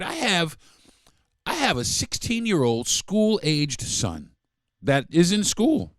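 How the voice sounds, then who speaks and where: A man's voice: high-pitched, wildly swooping pitch, slow, a bit bright, no room sound, clean studio sound. A middle-aged man hosting a solo podcast, ranting angrily with heavy profanity and mocking quotes. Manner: profane, heated, repetitive, mock-quoting others. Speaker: podcast host. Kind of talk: angry solo podcast rant.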